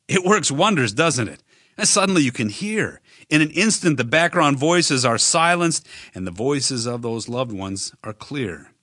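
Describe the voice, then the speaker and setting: Male preacher, bright tone, dry close sound, earnest direct delivery with slow emphatic phrasing. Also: medium pitch, big pitch swings, dry recording. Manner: direct address to listener. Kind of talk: sermon.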